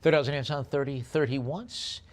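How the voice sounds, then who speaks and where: A man calling a live auction, rattling off bids in a quick chant and slowing down to describe each lot. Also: mid-range voice, fairly even intonation. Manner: rapid bid-calling chant alternating with slower item descriptions.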